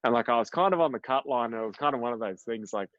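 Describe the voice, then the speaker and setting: A man's voice: mid-range voice, expressive, rapid-fire, a bit bright, dry recording. A young Australian man with an Australian accent, a professional golfer telling rambling stories with fillers and swearing as a guest in a casual interview. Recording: dull, dry podcast audio.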